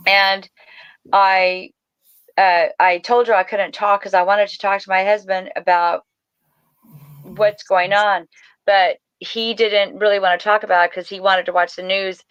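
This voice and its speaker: A woman's voice: mid-range voice, level tone, a little slow, a bit bright, clear, resonant tone, dry recording, muffled recording. A middle-aged woman telling a personal story as a podcast guest, rambling and emotional, near tears. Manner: emotional, rambling, tearful at times. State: crying.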